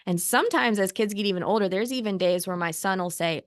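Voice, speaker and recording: A woman in her thirties, a therapist co-host, giving calm, reassuring parenting advice in a conversational way. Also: mid-range voice, fast, no room sound, studio quality.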